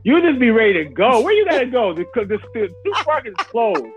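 Lively high-voiced man laughing on a tinny line. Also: fast, soft background music. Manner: animated, joking, laughs often. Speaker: podcast co-host. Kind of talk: casual chat.

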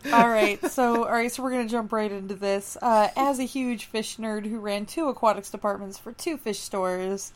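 A woman's voice: medium pitch, moderate pace, few pauses, slight background noise. A woman co-hosting a casual movie-review podcast, ranting emphatically with plenty of swearing. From California. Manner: emphatic, profane, animated rants. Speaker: podcast co-host.

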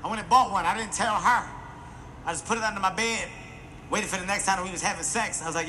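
A man doing animated, profane stand-up comedy storytelling and acting out the voices in his stories. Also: high-pitched, fast talker, a little hiss or hum.

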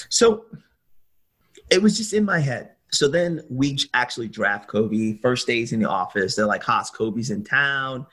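Husky man telling a lively story. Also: medium pitch, unhurried. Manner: lively storyteller, acts out voices, laughs often. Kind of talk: animated storytelling.

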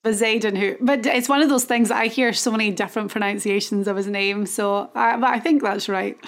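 A woman's voice: mid-range voice, fairly even intonation, fairly quick. Scottish woman talking golf picks. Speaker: golf show co-host. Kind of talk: casual golf preview chat.

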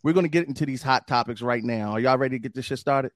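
A young adult man hosting a podcast in casual chat, animated and hype with plenty of slang. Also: medium pitch, fast, no room sound, clean studio sound. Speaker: podcast host.

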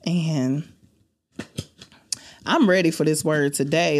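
A woman hosting a faith-based podcast, speaking in an emotional, expressive and preachy way. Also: on the low side, slow. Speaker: podcast host.

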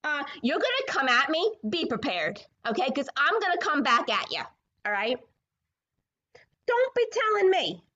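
A woman's voice: sits high, huge pitch swings, normal speed, bright, forceful tone, muffled recording. A woman hosting a sports podcast, ranting in a combative, profane and sarcastic way. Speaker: podcast host.

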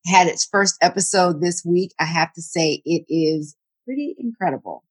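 A woman co-hosting a casual chat, talking in a relaxed, chatty way with enthusiastic recommendations. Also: lowish voice, moderate pace, breathy edge. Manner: teasing, then enthusiastic recommending.

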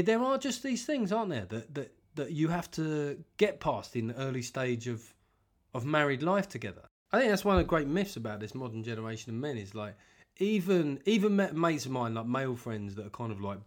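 A man, a comedian hosting his podcast, delivering a rambling, profane, self-mocking comic monologue. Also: medium pitch.

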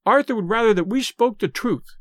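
Storybook, man voicing a steady young daughter, clear and firm, fairly high voice. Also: a little fast, no room sound, studio quality.

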